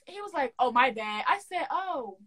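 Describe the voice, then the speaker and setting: Slightly high young woman, animated storyteller. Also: normal speed. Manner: animated storyteller, acts out quoted dialogue with slangy banter. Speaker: podcast co-host. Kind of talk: casual podcast chat.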